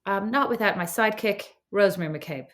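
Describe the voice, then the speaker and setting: A woman's voice: medium pitch, fairly quick, fairly bright tone. A middle-aged woman with an Irish accent co-hosts a podcast from a remote recording setup. She chats casually, teasing her co-host and spinning anecdotes. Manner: chatty, teasing, storytelling. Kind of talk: casual chat.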